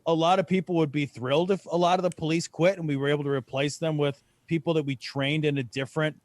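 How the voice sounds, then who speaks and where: Sarcastic, high-voiced male podcast co-host. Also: fairly even intonation, quick pace, no room sound. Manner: sarcastic, profane, many "like" fillers. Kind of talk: casual chat.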